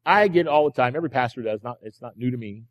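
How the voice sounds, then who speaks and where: A man's voice: medium pitch, racing. A male pastor preaching a sermon in a church, emphatic, repeating key phrases and asking the congregation rhetorical questions. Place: church sanctuary. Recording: long hall reverb from the church.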